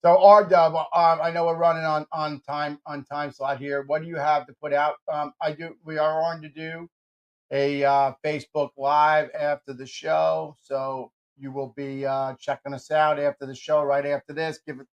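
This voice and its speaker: A man's voice: on the high side, flat delivery, moderate pace, clear, resonant tone, lo-fi sound. A man hosting a radio talk show, bantering casually and joking with energy, often restarting his sentences.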